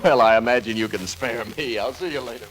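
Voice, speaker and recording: An actor playing a friendly, puzzled astronomer colleague in a 1940s radio comedy, with brisk, chatty questions. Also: male voice, mid-range voice, noisy background, lightly acted.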